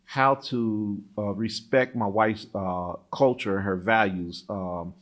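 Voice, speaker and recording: A middle-aged African-American man from the United States, an interview guest telling stories in a lively, laughing way and acting out what people said. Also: on the low side, measured pace. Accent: African-American English. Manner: animated, laughs often, acts out quoted voices. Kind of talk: casual storytelling interview.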